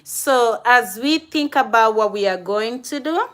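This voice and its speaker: A woman's voice: fairly high pitch, animated, a little slow, a bit bright. A woman with a Kenyan accent hosting a casual live stream, chatting and addressing viewers directly by name.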